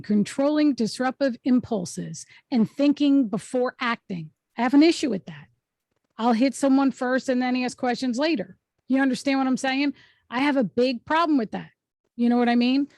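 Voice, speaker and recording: A woman's voice: high voice, normal speed, a little mellow, no room sound. A woman hosting an online workshop over a video call, teaching in an emphatic, instructive way and often checking in with the group. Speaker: host and speaking coach.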